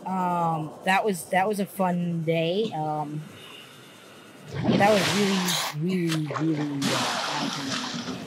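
A woman's voice: deep voice, very slow, very noisy. A woman giving casual, rambling commentary while playing a game, swearing and getting jumpy at scares. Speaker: gaming YouTuber.

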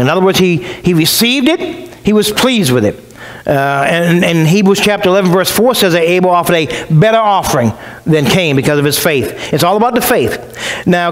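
A man's voice: high voice, rough recording. A male pastor preaching a sermon in a conversational way, acting out the voices of the people he quotes. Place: church.

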